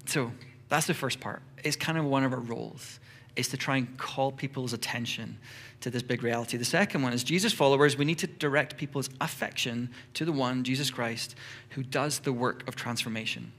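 A middle-aged man preaches in a church with an ordinary mid pitch. He talks lively, dropping into brief acted-out exchanges with quick voices. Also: slight background noise. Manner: lively, acts out little dialogues in quick voices. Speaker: pastor. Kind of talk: sermon.

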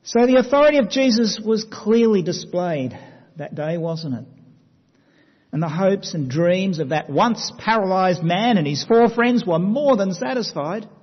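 A man preaching a sermon, telling the story dramatically and dropping to quiet emphasis. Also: high-pitched, expressive, measured pace. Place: church hall. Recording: dull sound with long hall reverb.

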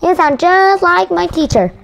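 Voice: very high voice, expressive, normal speed, gravelly, fairly bright tone, slight background noise, voice pushed up, heavily acted. A woman reading the lines of an annoyed young boy from a picture book.

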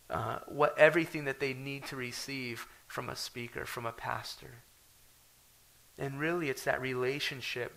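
A man's voice: medium pitch, gravelly, sharp tone, poor audio. A man pastor preaching a sermon in an earnest way, building to urgent questions.

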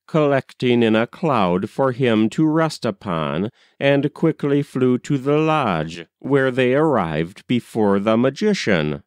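A man narrating a story aloud at an unhurried pace. His voice moves up and down a lot, and he reads in a measured, expressive way. The recording is dry and close. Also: mid-range voice, no room sound. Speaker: audiobook narrator.

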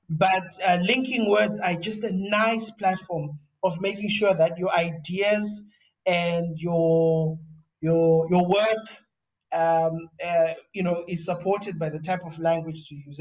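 A male professor gives a relaxed lecture on writing. His voice sits high, and he often repeats himself and restarts his phrases as he talks. The sound is dull and lo-fi, and he is set back from the mic. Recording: dull, distant lo-fi recording.

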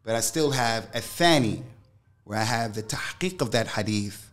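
A middle-aged man, a religious scholar, speaking as a podcast guest. His voice sits at an ordinary pitch for a man. He tells a personal story in loose, slangy speech and restates lines for emphasis. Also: animated, moderate pace, a bit bright. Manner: emphatic and slangy, repeats phrases for weight. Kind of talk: interview storytelling.

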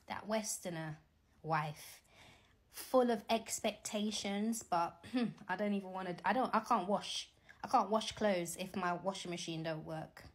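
A middle-aged woman gives animated, teasing, preachy commentary as a Christian vlogger, talking casually from home. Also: medium pitch.

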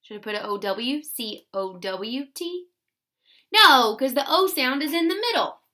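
A woman teaching a phonics lesson to first graders, sounding words out slowly. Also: high-pitched, lively intonation, bright, forceful tone. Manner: slow, exaggerated sounding-out of words. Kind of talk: phonics lesson for young children.

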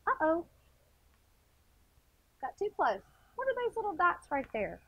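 A woman leads a children's math lesson with a high, sing-song voice that leaps up and down. She is playful and speaks directly to the young viewers. The recording is close and dry. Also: measured pace, no room sound, muffled recording. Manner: playful, animated, talks straight to kids. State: a little out of breath. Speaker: second grade teacher.

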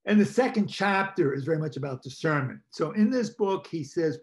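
Priest giving an informal parish talk. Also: male voice, a little high, expressive, fairly quick, hardly any pauses. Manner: informal, with asides and questions to the audience; clears throat now and then. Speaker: priest leading a parish workshop. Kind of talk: conversational teaching talk with slides. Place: parish meeting presenting slides.

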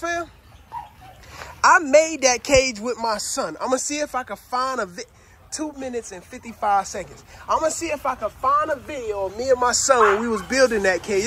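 Out in a kennel yard with dogs barking all around, a middle-aged man films a casual vlog as he does chores. He speaks in a very high-pitched voice, slinging slang, addressing viewers as "fam" and yelling at his dogs. He owns the kennel.

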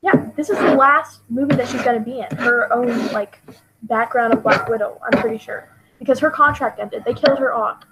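A teenage girl co-hosting a podcast, chatting casually in an excitable, gushing way. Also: a little high, moderate pace, very noisy. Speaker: podcast co-host. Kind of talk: casual chat.

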